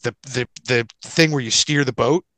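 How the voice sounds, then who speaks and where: A man's voice: mid-range voice, moderate pace, bright, forceful tone, no echo, low-quality recording. A man telling a long anecdote on a casual podcast, rambling and profane, full of restarts and asides. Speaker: podcast co-host.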